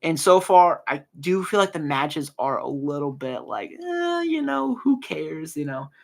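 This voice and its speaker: Gravelly, earnest young man rambling. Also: fairly high pitch, very animated, unhurried. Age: early 20s. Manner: rambling, earnest, many fillers and restarts. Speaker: podcast host. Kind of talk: casual solo podcast talk.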